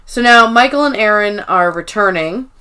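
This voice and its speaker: A woman's voice: mid-range voice, expressive, normal speed, sharp tone, clean tone. A woman in her thirties co-hosting a podcast, recapping episodes in casual, swearing chat and acting out characters' lines. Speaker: podcast co-host.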